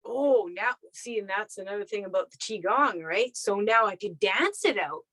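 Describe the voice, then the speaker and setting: A woman's voice: mid-range voice, lively intonation, moderate pace, a bit bright, no echo, rough recording. A woman guest chatting casually in a podcast conversation, laughing often and acting out her own thoughts.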